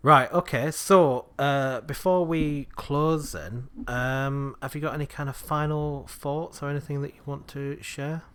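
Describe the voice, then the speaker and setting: A man's voice: fairly high pitch, fairly even intonation, unhurried, hardly any pauses, fairly bright tone, clean tone. A man with a Yorkshire accent hosting a casual, enthusiastic chat and laughing often. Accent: Yorkshire English. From Yorkshire, England. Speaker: podcast host.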